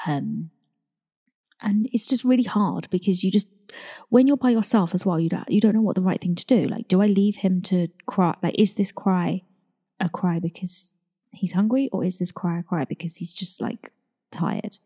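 A woman's voice: fairly low pitch, normal speed, mellow, breathy edge, long reverb tail. A young woman hosting a casual solo podcast, chatty and confiding, calling her listeners darlings. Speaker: podcast host.

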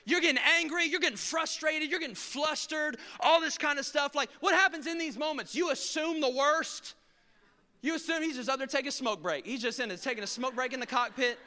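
High, bright-voiced preacher man. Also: a little fast, big-room sound. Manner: animated storytelling, acting out scenes. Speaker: pastor. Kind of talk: sermon.

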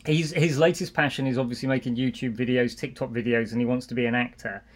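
Middle-aged English-born guest, easygoing storyteller, mid-pitched voice. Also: male voice, quick pace. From England. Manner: relaxed, anecdotal storytelling. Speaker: guest, marketing executive. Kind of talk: casual interview chat.

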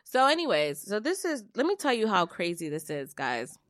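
A young adult woman on a podcast, telling a personal story in blunt, swearing, animated casual chat. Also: medium pitch, normal speed, dry recording, studio quality. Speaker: podcast co-host.

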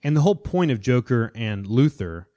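A man's voice: medium pitch, big pitch swings, dark tone. Eager man retelling comic stories. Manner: enthusiastic, retells stories with quick quoted voices. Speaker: podcast co-host. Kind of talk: casual chat.

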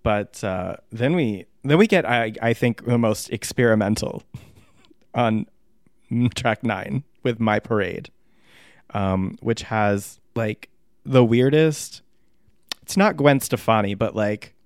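Low-voiced man in joking music chat. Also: slow pace, smooth, no echo, clean studio sound. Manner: jokey, laughs often. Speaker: podcast co-host. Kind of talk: casual music review chat.

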